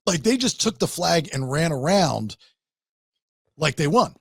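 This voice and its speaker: A man hosting a podcast, chatting casually about college football and rising in pitch when he makes a point. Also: sing-song, a little slow, vocal fry, a bit bright, breathy edge, no room sound. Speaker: podcast host. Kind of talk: casual sports chat.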